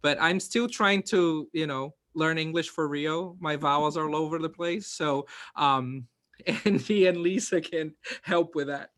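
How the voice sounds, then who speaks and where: A man with a Brazilian Portuguese accent speaks as a conductor, in English that is not his first language. His voice sits fairly high, and he talks with some hesitation and a self-deprecating touch. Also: unhurried, a bit bright.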